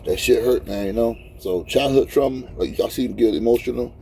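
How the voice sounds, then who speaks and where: Brisk and warm with vocal fry, a mid-range male voice belongs to a truck driver vlogger in his fifties who cries while talking from his cab. His casual, emotional vlog is rambling and heartfelt, full of repetition, over a little hiss or hum.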